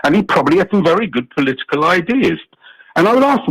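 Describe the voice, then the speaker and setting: A man's voice: high-pitched, rapid-fire, breathy edge, low-quality recording. Impassioned male radio caller. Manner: animated, impassioned. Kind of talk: call-in talk radio chat.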